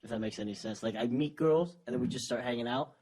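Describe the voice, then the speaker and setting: A man's voice: mid-range voice, fast, a little mellow. A man in his thirties, a podcast guest, talking casually and hesitantly, often restarting his sentences. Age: 30s. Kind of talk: casual chat.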